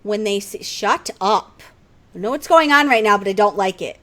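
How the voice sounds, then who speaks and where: A woman co-hosting a gaming podcast in casual chat, animated and quick to swear and tease back. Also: mid-range voice. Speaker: podcast co-host.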